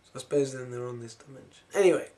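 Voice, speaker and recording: A man talks through spiritual ideas in a loose, wandering monologue. His voice sits at an ordinary middle pitch, and his sentences often drift off or restart as he thinks aloud. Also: racing. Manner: musing, wandering, with soft laughs and trailing-off phrases. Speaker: spiritual vlogger.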